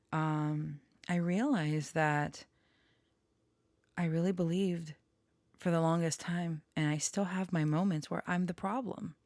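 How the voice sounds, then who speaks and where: A woman talking slowly and haltingly with many pauses, sharing personal reflections in a vlog, short on sleep. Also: low voice, darkish tone, dry recording. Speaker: tarot reader and storyteller.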